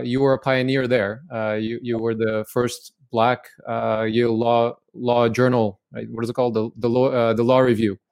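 Male podcast host, mid pitch, casual and halting. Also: a little mellow. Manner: hesitant, restarts questions with fillers. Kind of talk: casual interview conversation.

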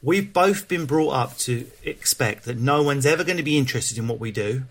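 A man with a London Cockney accent talks through a candid interview, frank and animated. He swears freely and trips over his own restarts as the thoughts come. His voice sits at an everyday middle pitch. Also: brisk. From England. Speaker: stand-up comedian, guest.

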